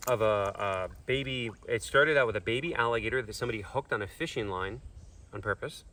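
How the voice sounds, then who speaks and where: A man's voice: on the low side, a little fast, bright, forceful tone, recorded from a distance. A man hosting a casual chat, ranting in exasperation about gullible people. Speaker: host.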